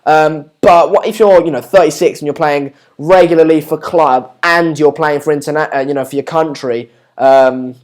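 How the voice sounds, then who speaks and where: A British man hosts a football watchalong from his home streaming setup and talks casually. His voice sits a little on the high side, and he reads viewers' comments aloud between loose, filler-heavy remarks. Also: steady tone, moderate pace, few pauses. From Britain. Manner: chatty, reads out viewer comments with many ums. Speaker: livestream host.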